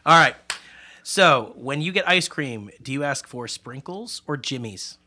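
A man co-hosting a podcast, teasing the guest with jokey quick questions. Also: mid-range voice, animated, pushed and bright. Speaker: podcast co-host. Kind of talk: casual podcast interview.

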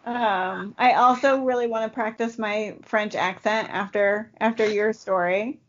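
A woman's voice: mid-range voice, fairly even intonation, a little slow, lo-fi sound, a little hiss or hum. A woman co-hosting a podcast, chatting casually and rambling with lots of fillers. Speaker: podcast co-host. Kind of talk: casual chat.

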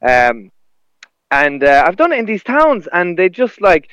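A man's voice: sits high, wildly swooping pitch, a little slow, a bit bright, clean tone, no echo, rough recording. A man, a stand-up comedian chatting casually, rambling through stories with restarts and laughter. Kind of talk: casual conversation.

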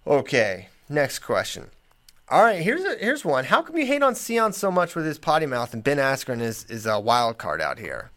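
A man's voice: mid-range voice, huge pitch swings, moderate pace, a bit bright. A man hosting a podcast in casual chat, dry and sarcastic, often sounding exasperated. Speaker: podcast host.

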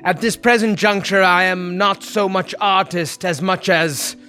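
A man playing a grand, formal male musician who speaks slowly and pompously. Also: sits high, steady tone, sharp tone, soft background music. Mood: humble.

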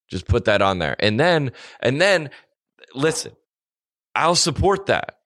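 A man's voice: mid-range voice, sing-song, a little slow, a bit bright, no room sound, studio quality. A man co-hosting a podcast, ranting animatedly in casual chat and mocking people with put-on quotes. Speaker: podcast co-host.

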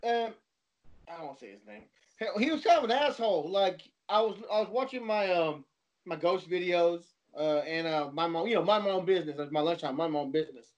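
A man talks loosely and at length, taking on the lines of the people in his story. His voice sits high for a man. The sound is muffled and lo-fi. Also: lively intonation, a little fast. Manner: rambling storyteller, quotes people, laughs a lot. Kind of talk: casual chat.

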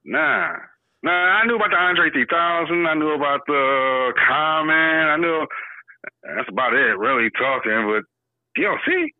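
A man co-hosting a podcast in casual chat, animated and exclaiming, swearing casually and laughing often. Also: fairly high pitch, no room sound. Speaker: podcast co-host. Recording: dry, phone-like thin sound.

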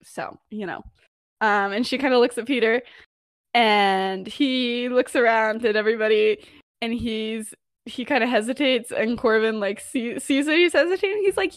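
A young woman podcast co-host casually retelling a story in a chatty way, full of fillers and quick laughs. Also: a little high, expressive, dry recording, studio quality.

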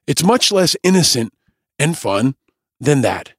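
A man's voice: on the high side, very animated, measured pace, no room sound, studio quality. A man hosting a podcast, delivering scripted, sarcastic and pointed political commentary. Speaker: podcast host.

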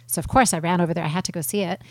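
A woman co-hosting a casual chat show, excitable and quick to tell funny stories with animated quoted voices. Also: fairly low pitch, dry recording. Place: small studio.

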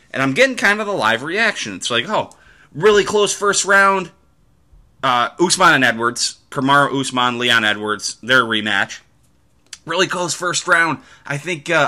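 A man's voice: medium pitch, bright, forceful tone. A man hosting a podcast, talking through fights in casual sports commentary, rambling with restarts and the odd swear. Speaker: podcast host.

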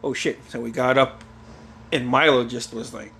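A young man telling a family story in casual chat, swearing freely and bursting into loud acted-out quotes and laughter. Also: mid-range voice, normal speed, a little hiss or hum. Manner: animated storyteller, swears a lot, acts out quotes loudly with laughter.

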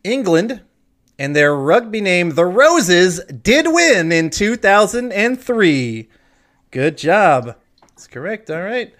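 A man's voice: high-pitched, slow pace. A man hosting a casual trivia quiz, reading questions and judging answers. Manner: lively, reads trivia questions aloud. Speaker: quiz host. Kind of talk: casual quiz show banter.

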